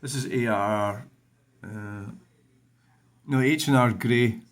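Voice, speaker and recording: A man's voice: mid-range voice, slow. A Scottish man in his fifties with a blunt, rambling, sweary manner, reading viewer comments aloud and answering them on his vlog. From Scotland. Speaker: vlogger.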